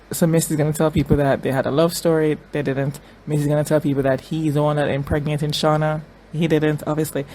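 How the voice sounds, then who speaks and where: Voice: mid-range voice, mellow, a little hiss or hum, rough recording. A host giving emotional commentary on a TV episode, tearful at times, repeating phrases and restarting sentences often. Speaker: reaction video host.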